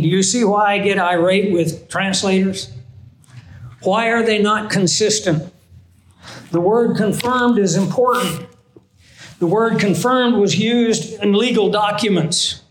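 Man, high voice, Bible teacher, earnest sermon, conversational, echoey room. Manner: earnest, conversational, asks the audience questions.

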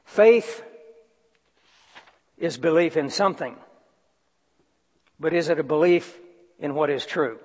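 Man preaching in a reverberant hall. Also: on the high side. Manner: slow, deliberate emphasis with reading aloud. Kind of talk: sermon. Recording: long reverb of a large hall.

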